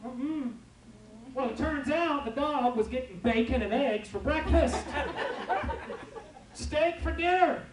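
Man preaching with humor in an echoing church. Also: very high-pitched. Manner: lively, humorous, storytelling with asides to the congregation. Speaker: pastor. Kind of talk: sermon. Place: church sanctuary with congregation. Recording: roomy church from far off, faint noise.

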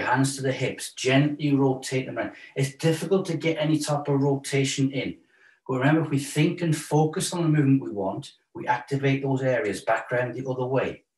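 A man leading a relaxed yoga and stretching session, calm and encouraging, counting breaths. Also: medium pitch. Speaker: yoga instructor. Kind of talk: guided stretching class. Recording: roomy echo, voice a bit far from mic.

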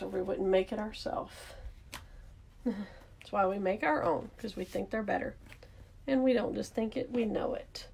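Chatty Southern woman with a gravelly edge. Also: medium pitch, darkish tone, a little hiss or hum. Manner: chatty, thinks aloud while working, self-correcting. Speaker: card-making instructor. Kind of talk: casual craft demonstration.

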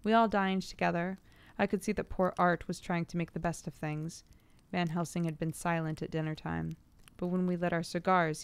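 A woman reading a classic novel aloud to a stream audience, measured and unhurried. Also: fairly low pitch, fairly even intonation, smooth, no room sound. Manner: measured reading, breaks off laughing at stumbles.

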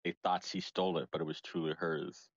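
Here a man plays a brash, boastful stand-in for a celebrity in an improvised comedy bit, with a very deep voice. The recording is dry and a bit dull. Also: flat delivery, a little fast, no echo. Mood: joking.

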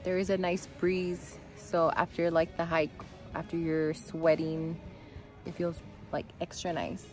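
Young woman, casual trail vlogger, slow unhurried delivery, lowish voice. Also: level tone, darkish tone, soft background music. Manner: chatty, easygoing, narrates what she sees. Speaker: vlogger on a honeymoon hike. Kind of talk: casual vlog chat. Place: outdoor nature trail by a creek.

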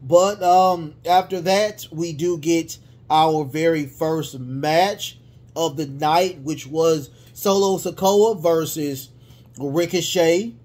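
A man recapping a wrestling show in a casual, rambling way, with many fillers and restarts and bursts of excitement. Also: fairly high pitch, slow pace.

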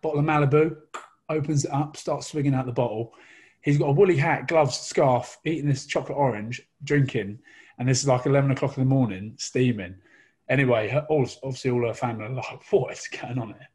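Husky man telling a funny story. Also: medium pitch, a little fast, darkish tone. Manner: laughing, rambling storyteller. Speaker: guest storyteller. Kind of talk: casual comic anecdote.

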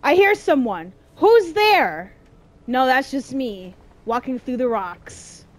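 A woman streaming a horror game, chatting and swearing, jumpy and quick to shout when chased. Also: high voice, big pitch swings. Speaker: gameplay streamer. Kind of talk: casual let's-play commentary.

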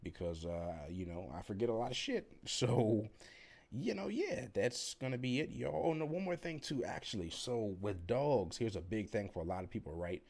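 A man's voice: on the low side, normal speed, creaky. A young man rambling casually through a work story, blunt and profane, acting out what others said. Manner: rambling, profane, animated when quoting others. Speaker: delivery driver vlogger.

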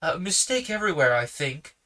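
A storybook reader voicing a stern, commanding uncle who speaks with quiet menace. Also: medium pitch, big pitch swings, measured pace, pitched above the performer's own voice.

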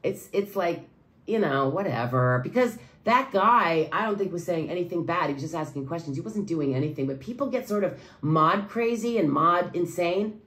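A woman who makes videos, giving an angry, profane monologue that swings between low muttering and raised outbursts. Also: animated, moderate pace, fairly bright tone. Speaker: video creator.

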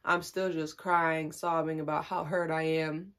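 A woman's voice: low-pitched, flat delivery, unhurried, fairly bright tone. A young woman telling a personal story in a casual, confiding way, often laughing as she talks. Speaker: vlogger.

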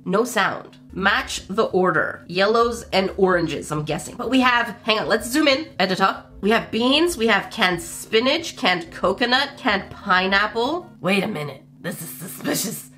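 A woman hosting a casual let's play of a mobile game, playful and expressive, with jokey asides to her viewers and big jumps in pitch. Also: a little slow, hardly any pauses, soft background music. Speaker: gaming channel host.

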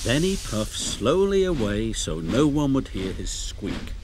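A man narrating a children's story in a gentle, measured, expressive way. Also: medium pitch, heavy background noise. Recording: loud background music.

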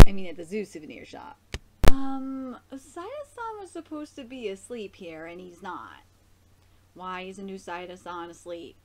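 A woman streamer giving a casual live reaction to an anime episode, gushing and excitable, laughing often and chatting with lots of fillers. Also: medium pitch, background noise.

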